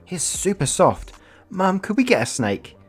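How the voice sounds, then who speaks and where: A man voicing an eager, polite little boy who asks excited, curious questions. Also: sits high, a little slow, soft background music, voice pushed up, full character voice.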